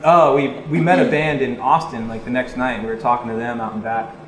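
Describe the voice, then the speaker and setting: A man telling a rambling tour story in casual chat, animated, swearing freely and laughing as he talks. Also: medium pitch, fast talker. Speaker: interview guest, touring musician. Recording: echoey room.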